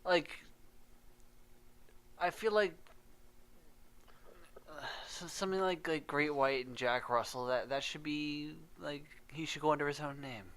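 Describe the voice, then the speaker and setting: Halting man co-hosting a podcast. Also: fairly high pitch, fairly bright tone, clear, resonant tone. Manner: halting, many restarts and fillers, swears. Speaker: podcast co-host. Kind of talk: casual chat.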